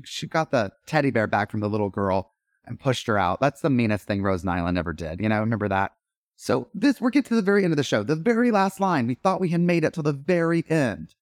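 A middle-aged man, an actor and podcast guest, telling stories in animated, rambling chat full of fillers and restarts. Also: mid-range voice, no echo, clean studio sound. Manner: animated, lots of fillers and self-interruptions. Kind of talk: casual storytelling chat.

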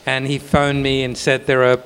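A man recounts his career in a wry, self-deprecating way, laughing as he talks. His voice sits at a middle pitch for a man. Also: monotone, moderate pace, fairly bright tone, slight background noise. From Australia. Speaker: author guest. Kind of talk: relaxed panel storytelling.

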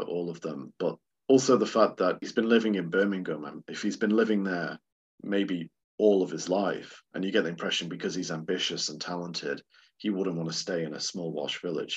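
A man with a low, husky voice co-hosts a podcast and chats about films, rambling and laughing along the way. His recording sounds a little dull and lo-fi. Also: a little fast. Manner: chatty, rambling, laughs often. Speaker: podcast co-host. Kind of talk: casual film discussion.

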